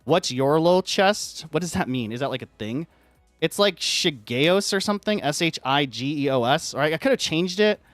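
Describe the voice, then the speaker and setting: A man's voice: on the high side, animated, normal speed, no echo, faint music behind. Rambling young man with a dry close mic. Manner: rambling, heavy use of "like", acts out quoted lines. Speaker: streamer. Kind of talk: casual rant to stream chat.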